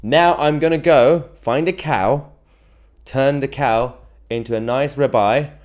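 A man's voice: mid-range voice, takes it slowly, a little mellow. A man hosting a political live stream, chatting casually and jokily as he reads viewer comments, with frequent chuckles and rambling asides. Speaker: political livestream host.

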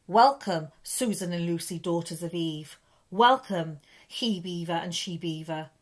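Woman doing a grave, commanding lion king from a storybook, slow and stately. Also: lowish voice. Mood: solemn. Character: solemn noble male lion king, good and terrible.

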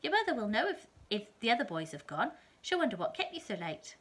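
Kind soft-spoken schoolteacher man in a storybook, put on by a woman reader. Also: high voice, fast talker. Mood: questioning. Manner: gentle, soft, patient.

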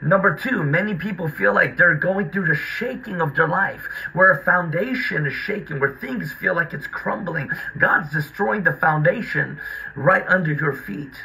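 A man's voice: on the high side, normal speed, gravelly, pushed and bright, rough recording. A man preaching a livestreamed sermon with call-and-response exhortations, repeating his key lines.

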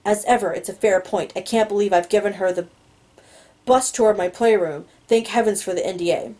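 A woman's voice: mid-range voice, a little fast, dark tone, poor audio. A woman reading a novel aloud, narrating in the first person in an inward, musing way. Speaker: audiobook reader.

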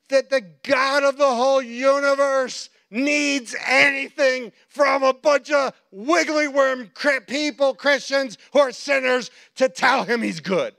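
A male pastor preaching a sermon, telling stories with animated quoted voices and frequent laughter. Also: very high-pitched, creaky. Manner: animated storytelling, acts out quotes, laughs often. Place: church.

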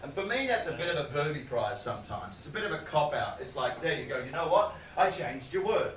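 A man's voice: fairly high pitch, big pitch swings, a little fast, a bit bright. A male stand-up comedian telling a story on stage, swearing and laughing as he talks. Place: live comedy venue with audience. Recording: roomy venue, distant mic, audience noise.

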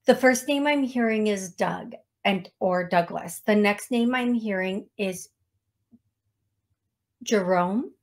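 A woman hosts a psychic medium live stream, speaking slowly and unhurriedly. Her voice sits at a middling pitch, and her talk is chatty and self-deprecating, with little laughs at her own expense. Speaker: psychic medium show host. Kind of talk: live-stream talk show, reading out names. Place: talking to viewers on a live stream.

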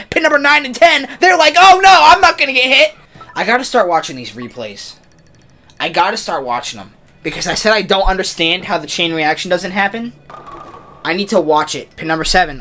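A young man playing a motion-controlled bowling game and commenting at his desk at home, excitable and often breaking into screams and shouts. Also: sits high, slight background noise. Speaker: gaming video creator. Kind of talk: excitable let's-play commentary. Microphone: desk mic, camera off.

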